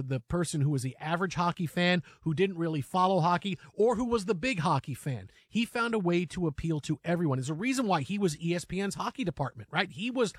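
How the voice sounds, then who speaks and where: Male sports talk host, fairly high voice, dry close studio sound, animated storyteller. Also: dry recording. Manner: animated storytelling with many restarts.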